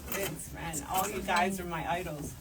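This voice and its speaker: A woman's voice: fairly low pitch, fairly even intonation, unhurried. A woman hosting a podcast, chatting casually and laughing at her own lack of technical know-how. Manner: laughing, self-deprecating about technology. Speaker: podcast host. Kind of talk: casual chat. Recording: distant mic with faint noise.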